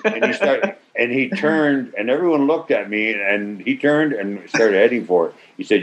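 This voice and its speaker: An older man on a video call telling an animated anecdote, acting out quotes with swearing and sudden loud bursts. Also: medium pitch, moderate pace, hardly any pauses. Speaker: actor interview guest. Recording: slightly muffled video-call audio.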